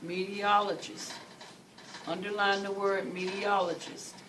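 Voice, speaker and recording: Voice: medium pitch, level tone, measured pace, sharp tone. A teacher leading a classroom reading lesson, patiently repeating questions and key words for the students. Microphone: far from the mic. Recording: distant, noisy classroom recording.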